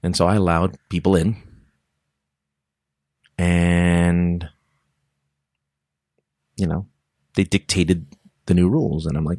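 Dude rambling thru a story, cuts himself off a lot, dry close sound. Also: male voice, deep voice, slow, pauses often, dry recording. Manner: rambling, self-interrupting, animated storytelling. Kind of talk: casual monologue.

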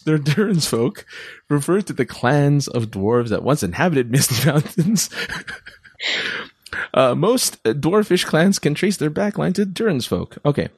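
A man's voice: medium pitch, breathy edge, dry recording, clean studio sound. A man co-hosting a podcast, reading quiz questions aloud in a casual, playful way and laughing often. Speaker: podcast co-host.

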